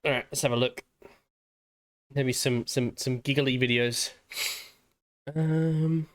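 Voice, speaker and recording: A man's voice: mid-range voice, fairly even intonation, slow pace. An Australian man streaming casually, laid-back and giggly, swearing often. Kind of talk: casual livestream chat.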